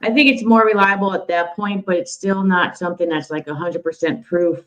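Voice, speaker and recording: A woman guest in a casual video-call chat, plainspoken and lively when explaining. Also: fairly low pitch, fairly quick, poor audio.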